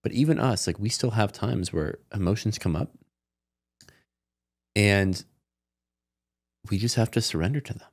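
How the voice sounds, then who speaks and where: A young adult man co-hosting a podcast, speaking candidly and in a relaxed, soft way about his own emotions. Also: on the low side, measured pace, long pauses. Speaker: podcast co-host. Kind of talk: casual personal talk.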